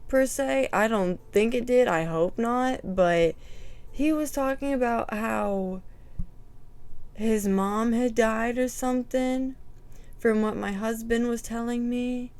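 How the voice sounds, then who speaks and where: A woman vlogging casually on a house tour, chatty and animated, with emphatic asides and nervous laughs, on a clip-on microphone. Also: on the high side, slow.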